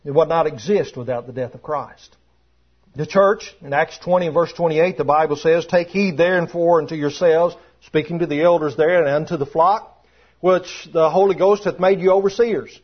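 A man's voice: fairly high pitch, normal speed, slightly rough. A man preaching a sermon to a congregation, emphatic and repeating his key phrases. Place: church room with congregation. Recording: dull lo-fi sermon recording.

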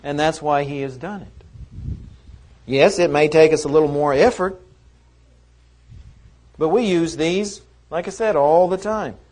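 A man's voice: a little high, a little slow, pauses often, a little mellow. Man teaching a conversational Bible lesson. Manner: conversational, asks rhetorical questions.

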